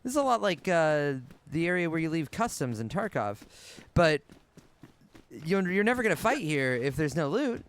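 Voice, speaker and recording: A man streaming a game live, thinking out loud and swearing casually as he plays. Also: on the high side, big pitch swings, normal speed. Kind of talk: live gameplay commentary.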